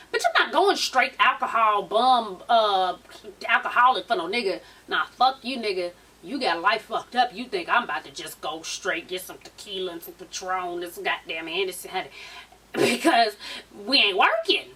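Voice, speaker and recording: A woman giving a casual, profane recap of a reality show as a vlogger, sassy and animated, with a lot of swearing. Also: medium pitch, moderate pace, husky, far from the mic, poor audio.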